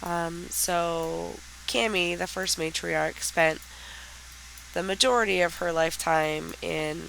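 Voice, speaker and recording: A woman with a raspy, nasal voice from a sinus infection, giving hesitant, chatty commentary as she plays a life-sim game. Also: fairly low pitch, steady tone, takes it slowly, low-quality recording. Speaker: let's play host.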